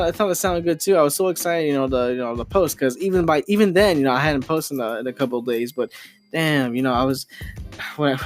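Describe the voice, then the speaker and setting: A young man hosting a casual podcast, rambling with lots of fillers and restarts as he tells a frustrating story into his home microphone. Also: mid-range voice. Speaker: podcast host.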